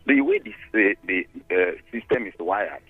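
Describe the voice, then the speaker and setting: A man calling in to a radio show, speaking in a measured, philosophical way with some hesitation. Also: low-pitched, slightly rough, no echo, soft background music. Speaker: caller. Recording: tinny dry phone line.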